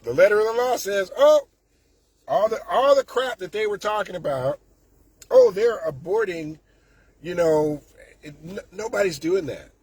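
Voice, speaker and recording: Speaking fairly quickly in a high, slightly rough voice with no echo, a male political commentator rants with indignation and sarcasm. It's a casual rant, full of restarts.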